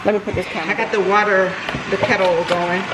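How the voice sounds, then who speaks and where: In her home kitchen, a lifestyle vlogger and mother from Georgia, US, chats casually into a handheld camera, tossing warm asides to viewers. Her mid-range voice is level in tone and fast, and the recording is very noisy.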